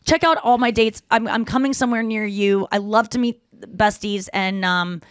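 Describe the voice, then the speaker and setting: A woman's voice: medium pitch, moderate pace, clean tone, dry recording, clean studio sound. Chatty woman podcast host. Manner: animated storytelling, acts out quoted lines. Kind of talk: casual chat.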